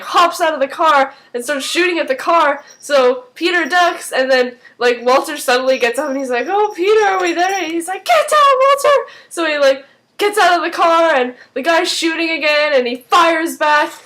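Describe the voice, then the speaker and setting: A woman's voice: sits high, normal speed, fairly bright tone. A woman casually recapping a TV episode, rambling along with lots of "like" and "um" and a few apologetic asides. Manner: rambling, heavy use of "like" and "um".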